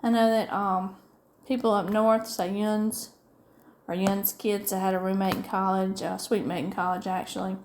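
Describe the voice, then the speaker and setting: A woman's voice: mid-range voice, level tone, a little fast, hardly any pauses, darkish tone, a little hiss or hum. A middle-aged woman with a Southern US accent from upstate South Carolina, chatting in a rambling, folksy way while she crafts. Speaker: diamond painting vlogger.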